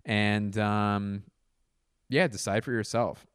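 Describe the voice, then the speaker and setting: A man's voice: fairly low pitch, steady tone, takes it slowly, clean tone, no echo, studio quality. A man in his forties, a comedian hosting a podcast, telling a rambling, profane, self-deprecating story. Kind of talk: casual storytelling monologue.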